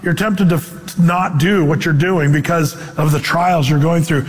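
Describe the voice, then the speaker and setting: In a large hall, a male pastor preaches at a moderate pace with a voice on the high side. He stays animated throughout, acting out the voices he quotes.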